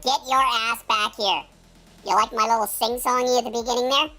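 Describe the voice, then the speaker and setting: A man voicing an excitable, foul-mouthed male squirrel sidekick in a high, squeaky put-on voice. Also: soft background music. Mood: cheeky affirming. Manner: squeaky, rapid, excitable, cursing.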